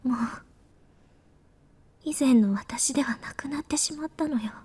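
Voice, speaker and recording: An actress voicing a guilt-ridden young woman researcher in visual novel dialogue, soft-spoken and breathy. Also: high-pitched, brisk. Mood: wistful hushed.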